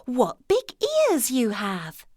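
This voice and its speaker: A woman voicing a sweet, innocent young girl with a high, piping, earnest voice, in a children's storybook reading. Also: big pitch swings, slow, a little mellow, breathy edge, dry recording, studio quality, exaggerated voice. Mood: wondering.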